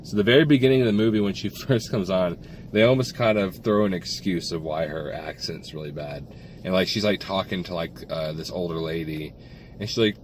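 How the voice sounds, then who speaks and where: A man's voice: low-pitched, fairly quick, a little hiss or hum. A man co-hosting a casual film review, talking in rambling bursts with many restarts and fillers.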